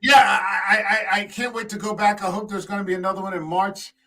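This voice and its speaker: A man on a casual podcast, telling a long, profane anecdote in an animated way with lots of fillers. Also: sits high, brisk, poor audio. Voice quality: tall man, six foot five. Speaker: podcast co-host. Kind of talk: casual storytelling chat.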